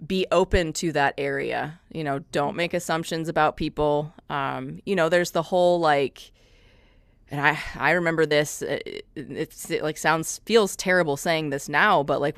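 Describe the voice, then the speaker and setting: A woman's voice: deep voice, clean tone, dry recording, studio quality. A woman from the American Midwest, a podcast guest chatting casually, frank and self-deprecating, laughing often.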